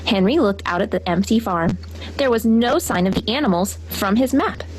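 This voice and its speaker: Woman storyteller, bright and animated read-aloud, faint noise. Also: mid-range voice, moderate pace, poor audio. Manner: expressive, lively read-aloud with character voices. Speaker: teacher reading a picture book.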